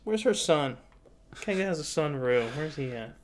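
A man's voice: a little high, lively intonation, moderate pace. A man co-hosting a podcast, trading dry, sarcastic banter in casual chat. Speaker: podcast co-host.

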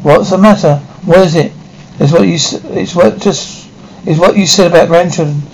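A middle-aged inventor father whose somewhat high voice stays measured and formal. He moves between patience and stern command in the theatrical manner of late-1950s television, with faint ambience behind him. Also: darkish tone, a little hiss or hum, low-quality recording. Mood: soothing. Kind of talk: 1950s TV drama acting.

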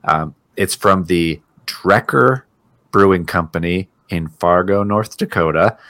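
A man's voice: low-pitched, measured pace, fairly bright tone, no room sound. A man co-hosting a podcast, chatting casually and joking, laughing often. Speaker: podcast co-host. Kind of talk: casual chat.

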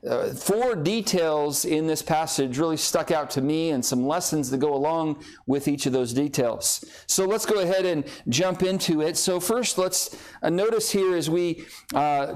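A man's voice: fairly high pitch, a little slow, darkish tone. A male pastor delivering a sermon, telling a personal story with self-deprecating humor.

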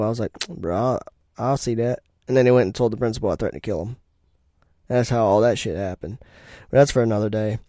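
A man's voice: fairly low pitch, mellow, no echo, clean studio sound. A young man telling personal stories as a podcast host, in a blunt, profane and rambling way. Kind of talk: casual storytelling monologue.

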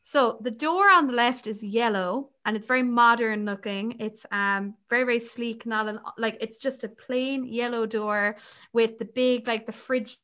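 A young woman co-hosting a casual book podcast, chatty and quick to laugh, with lots of fillers. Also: a little high, bright, forceful tone, clean tone. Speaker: podcast co-host.

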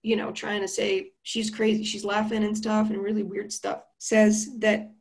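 A woman's voice: mid-range voice, level tone, moderate pace, gravelly. A young woman recapping a horror film in a chatty, slangy and playful way.

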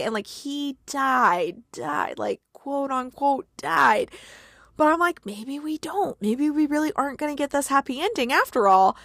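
A woman hosting a podcast, excitedly retelling movie scenes in a casual, gushing chat full of "like" and laughter. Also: fairly high pitch, dry recording, studio quality. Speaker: podcast host recapping movies.

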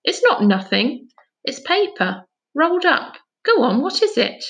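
A woman voicing a nosy, eager boy in a storybook reading, teasing and excitable. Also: sits high, a little slow, voice pushed up, heavily acted.

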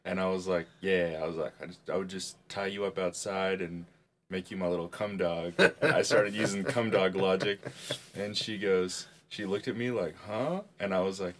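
A man's voice: low-pitched, steady tone, normal speed. A man co-hosting a podcast, telling crude comedic stories, acting out quoted lines and laughing at his own jokes. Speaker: podcast co-host.

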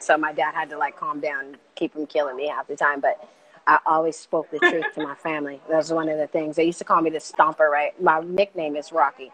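A middle-aged woman with a fairly low voice speaks as a guest in a casual conversation. She talks with passion and insistence and pushes her voice up when she drives a point home. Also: flat delivery, a little fast, a crowd in the background, low-quality recording. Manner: passionate, emphatic, gets louder as she makes a point.

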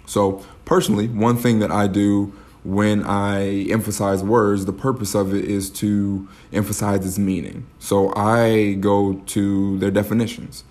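Low, flat-voiced male podcast host. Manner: halting, thinking aloud with fillers and restarts. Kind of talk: reflective solo podcast talk.

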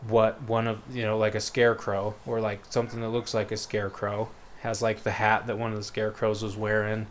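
Laid-back man with a low, flat voice. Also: fairly quick, slight background noise. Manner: rambling, laid-back, lots of fillers and quoted voices. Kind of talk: casual chat, retelling a book plot.

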